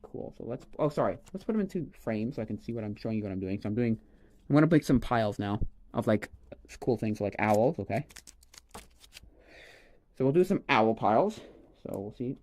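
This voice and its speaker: A man on a casual livestream, rambling and exclaiming excitedly as he opens trading cards. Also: lowish voice, a little fast, pauses often. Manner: excitable, rambling, exclaims over each card. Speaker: streamer opening a card pack.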